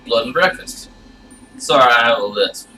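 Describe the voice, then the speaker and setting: A man reading aloud and voicing a creepy, hunched male butcher who runs an inn, speaking with a lisp and drawn-out, falsely innocent emphasis. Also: mid-range voice, animated, sharp tone, recorded from a distance, slight background noise, rough recording. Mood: cheery.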